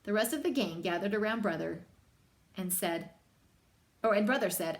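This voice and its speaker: A young woman reading a children's picture book aloud, with lively, chatty asides to young listeners. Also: fairly low pitch, normal speed, long pauses. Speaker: storybook reader.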